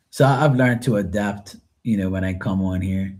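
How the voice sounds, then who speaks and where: Bermudian man, low voice, mellow tone, rambling casual live-stream chat. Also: a little slow. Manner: rambling, chatty, answers viewers loosely. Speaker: live-stream tarot reader.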